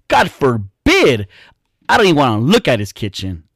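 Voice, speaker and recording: A man telling a casual, profane story with an animated, exaggerated sense of disgust. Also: mid-range voice, normal speed, no room sound, studio quality.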